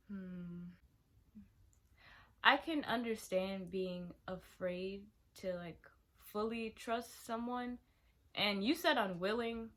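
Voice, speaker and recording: Viewer confessions get read aloud by a young woman vlogger in a relaxed, chatty tone. She's animated and exclaims freely, breaking into sudden loud outbursts and murmured asides, all in a mid-range voice.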